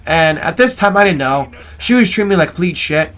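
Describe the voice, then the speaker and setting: A man's voice: a little high, expressive, fairly quick, fairly bright tone. A man casually telling a long story over gameplay, rambling and swearing, tagging "right?" onto his sentences. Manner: rambling, profane, keeps asking "right?". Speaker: gaming video host.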